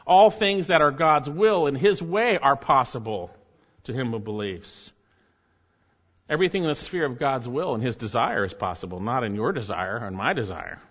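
Emphatic preacher in a dull echoing hall. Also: male voice, medium pitch, expressive, normal speed, fairly bright tone, breathy edge. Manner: emphatic, rises sharply when reading quotes. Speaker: pastor. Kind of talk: sermon.

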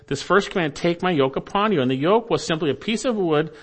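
A man preaching a sermon as pastor, earnest and deliberate, slowing down and dropping softer at the ends of phrases for emphasis. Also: a little high, lively intonation, breathy edge.

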